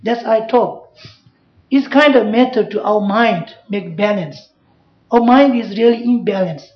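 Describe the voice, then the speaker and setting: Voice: mid-range voice, a little slow. A Buddhist teacher giving a Dharma class, speaking in simple broken English and checking in with "you know" and "yeah?". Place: class room. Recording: echoey, dull room recording.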